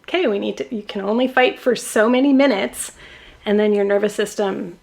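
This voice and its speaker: A woman's voice: mid-range voice, fairly quick, vocal fry, darkish tone. A middle-aged woman hosting a podcast, talking candidly about her marriage in a casual conversation and laughing often. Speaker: podcast host.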